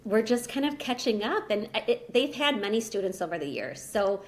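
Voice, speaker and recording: A woman's voice: mid-range voice, very animated, moderate pace. A woman in her thirties, a podcast guest and language teacher, tells a personal story in a casual, chatty way, peppering her speech with "like" and "you know.".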